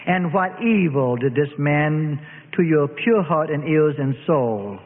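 Brief: impatient prosecutor pressing witnesses, voiced by a male narrator, lively pitch, tinny reverberant sound. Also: slow. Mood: insistent. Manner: leading, insistent. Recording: tinny, reverberant phone-like audio.

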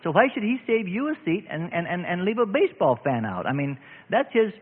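A husky-voiced male preacher delivering an earnest radio sermon, his pitch swinging lively up and down as he tells stories and repeats phrases. The sound is thin and phone-like, with a long hall reverb trailing behind. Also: a little fast. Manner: earnest, animated storytelling with repetitions. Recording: tinny narrow-band radio broadcast with hall reverb.

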